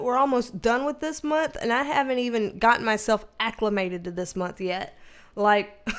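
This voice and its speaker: Slow-talking Southern American woman. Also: a little high, a bit bright. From Southern United States. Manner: laughs often, chatty and slangy. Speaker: livestream host. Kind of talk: casual livestream chat reading viewer comments.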